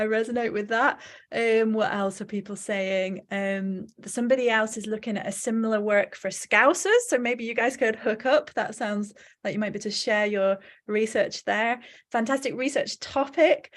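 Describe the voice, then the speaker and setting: Woman, host, Midlands accent, chatty, upbeat, fairly high voice. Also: steady tone, moderate pace. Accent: English Midlands. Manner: chatty, reads audience comments aloud, laughs often. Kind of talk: live online event hosting.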